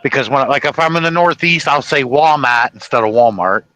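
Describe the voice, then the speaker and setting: A man from the Chicago area hosting a casual chat, rambling through stories with halting restarts. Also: medium pitch, animated, sharp tone, low-quality recording. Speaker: host.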